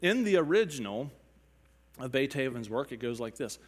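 A man's voice: medium pitch, expressive, moderate pace. Man explaining rhythm in a long-echoing hall. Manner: explanatory, counts beats and hums rhythms aloud; frequent throat clearing. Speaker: music teacher. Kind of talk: spoken lecture with sung examples.

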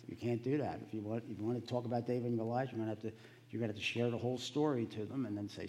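A man giving a sermon in a relaxed, conversational storytelling manner. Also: fairly low pitch, racing, big-room sound, slight background noise. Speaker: preacher.

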